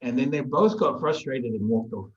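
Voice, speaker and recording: A man in casual conversation, telling a story with lively energy and frequent restarts. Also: mid-range voice, moderate pace, dull audio, a crowd in the background. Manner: animated, lively storyteller who repeats and restarts words. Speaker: guest in a group discussion.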